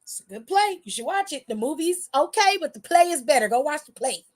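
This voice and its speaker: A woman's voice: sits high, expressive, fairly quick. A woman casually recapping wrestling for her viewers, sassy, profane and chatty.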